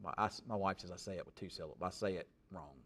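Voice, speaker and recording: Folksy man chatting, low voice. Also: very fast, a bit bright. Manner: rambling, folksy, many fillers. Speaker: weather streamer. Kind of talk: casual live-stream chat.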